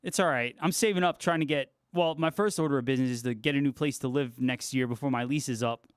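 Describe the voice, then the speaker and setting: A man's voice: medium pitch, fast talker, clear, resonant tone, no echo, studio quality, faint music behind. Laid-back, foul-mouthed male livestreamer. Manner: laid-back, swears freely, laughs often. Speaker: livestream host and guitarist. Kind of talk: casual chat reading viewer comments.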